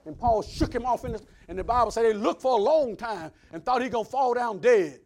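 A man preaching a sermon, swinging between loud preaching and hushed asides. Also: very high voice, lively intonation, brisk. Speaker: pastor.

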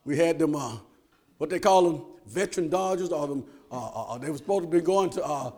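A man, a pastor, a sermon in a call-and-response style, often asking "amen?" and swinging from soft asides to shouted lines. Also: fairly high pitch, animated, a little fast.

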